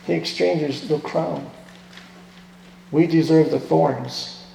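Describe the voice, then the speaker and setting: Pastor guy preaching, goes quiet then loud, kinda high mellow voice, big echoey church. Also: fairly even intonation, slow pace, gravelly, slight background noise. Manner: impassioned, swings from hushed to loud. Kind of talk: sermon. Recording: echoey hall with long reverb.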